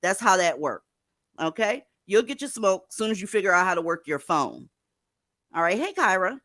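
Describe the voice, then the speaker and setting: A woman's voice: mid-range voice, sing-song, moderate pace, a bit bright, no echo, clean studio sound. A woman hosting a livestream, giving blunt, profane, sarcastic commentary in a scolding tone. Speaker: livestream host.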